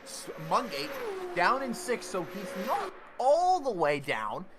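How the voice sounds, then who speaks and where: A man calls a racing game event in a high, energetic voice, jumping into excited bursts as the action unfolds. His commentary sits over a noisy stream mix with clear engine sound from the game running behind him. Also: slow. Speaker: race commentator.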